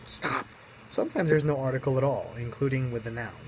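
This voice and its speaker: A man's voice: medium pitch, fast talker, a little mellow, slight background noise, poor audio. A man teaching Greek grammar in a recorded lesson, explaining each point step by step and muttering small self-corrections.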